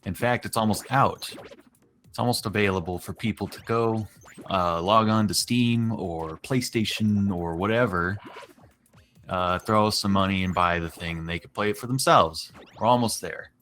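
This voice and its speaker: A man's voice: on the low side, moderate pace, a bit bright, faint music behind. A man co-hosting a casual live stream, with dry, teasing remarks. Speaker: game director and co-host.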